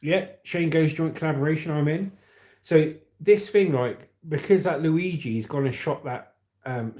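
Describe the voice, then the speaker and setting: A man's voice: mid-range voice, darkish tone. A man hosting a casual live stream, chatting, laughing often and reading out viewer comments. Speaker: livestream host. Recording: echoey room.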